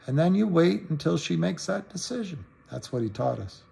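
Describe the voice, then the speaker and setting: A man's voice: sing-song, moderate pace, gravelly, warm tone, husky. A middle-aged man talks loosely on a livestream and circles back over his points. He hammers words again and again, and his voice jumps up when he gets riled. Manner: rambling, repeats himself for emphasis, pitch swings up when riled. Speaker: livestream host talking stocks. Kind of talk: casual livestream talk answering viewers.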